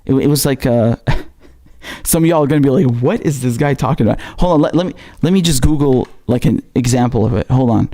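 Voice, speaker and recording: Man, raspy voice, dark tone, casual slangy livestream chat, halting restarts. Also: medium pitch. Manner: casual and slangy, halting, reading out viewer messages. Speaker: livestream host. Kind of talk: casual live-stream chat.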